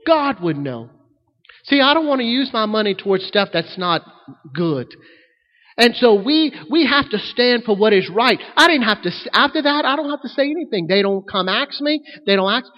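Male pastor, high voice, preaching in a sanctuary with long hall reverb; emphatic swells, quiet asides. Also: expressive, normal speed, dull audio. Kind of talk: sermon.

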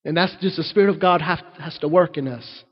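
A man preaching as a pastor, swinging between loud emphatic lines and quiet asides. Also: fairly high pitch, a little fast, breathy edge, lo-fi sound. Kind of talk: sermon. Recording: long hall reverb.

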